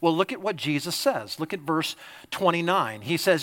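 A male pastor preaching a sermon, emphatic, swinging between loud exhortation and quiet, confiding asides. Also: fairly high pitch, animated, normal speed.

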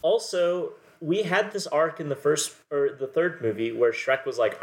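A man's voice: fairly high pitch, normal speed. Man rambling with constant "like". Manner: rambling and analytical, full of "like". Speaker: podcast co-host. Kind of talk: casual film discussion.

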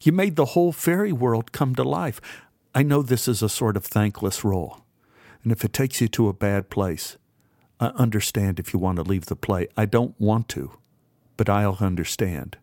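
A man reading an audiobook and voicing an earnest, apologetic man who speaks gently and warmly. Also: lowish voice, moderate pace, dry recording, studio quality, lightly acted. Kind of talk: audiobook character voice.

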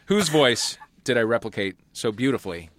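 A man's voice: medium pitch, normal speed, noisy background. A man hosting a comedic quiz podcast with wry, joking banter. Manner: wry, joking, lively delivery. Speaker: quiz host.

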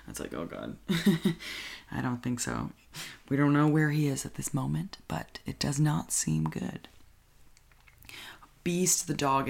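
A woman's voice: low voice, vocal fry. A young woman casually recapping a horror film, gushing with constant "like" and "oh my God" and often dropping into a whisper. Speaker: movie recap vlogger.

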